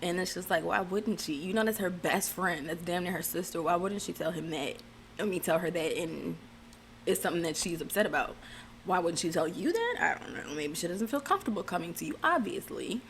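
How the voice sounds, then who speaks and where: A woman's voice: lowish voice, lively intonation, a little fast, a bit bright, slight background noise. A woman casually recapping a reality TV episode in a chatty way, dropping sarcastic asides.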